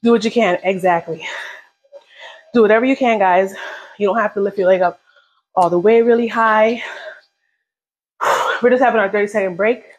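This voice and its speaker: A woman's voice: medium pitch, fairly even intonation, moderate pace, long pauses, husky, dull audio. A woman leading a live workout, counting down reps and cheering viewers on while out of breath. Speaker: fitness instructor.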